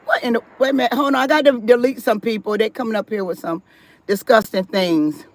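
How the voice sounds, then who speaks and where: A woman's voice: on the high side, fairly quick. A woman hosting a live stream, chatting casually with viewers and reading their comments aloud, firm about respect in her chat. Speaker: livestream host.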